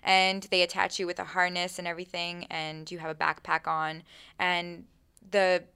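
Young woman, casual chat, animated storyteller, lots of fillers, dry close sound. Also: on the low side, moderate pace, vocal fry, clean tone, no room sound. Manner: animated, many fillers, acts out her own thoughts.

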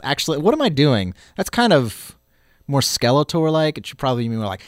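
A man hosts a radio show, filling the gaps between songs with loose, rambling chat. His tone is sarcastic and self-mocking, and his pitch swings widely. The sound is dry and close, with no room echo. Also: sing-song, moderate pace.

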